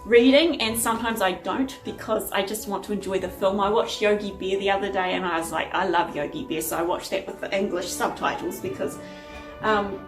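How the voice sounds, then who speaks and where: A woman's voice: mid-range voice, echoey room. A woman vlogging from home in a chatty, rambling way as she sorts DVDs. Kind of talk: casual chat. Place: at home sorting a DVD collection.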